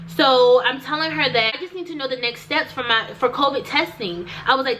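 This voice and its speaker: A woman's voice: high voice, fairly quick, few pauses, pushed and bright, poor audio. A young woman vlogger recounting a personal story to the camera, emphatic and repetitive, talking straight to her viewers.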